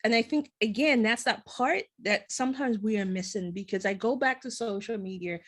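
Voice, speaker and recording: This show host's voice is a little high and her pace normal. She talks easily with her interview guest, offering encouragement, poking fun at herself, and telling stories from her own life.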